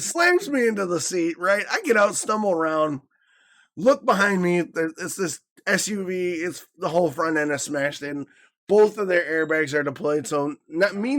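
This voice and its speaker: A man in his thirties, a podcast co-host, tells a long story in a casual, profane style. His voice sits a bit high for a man. He jumps into the voices of the people he quotes. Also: fairly bright tone.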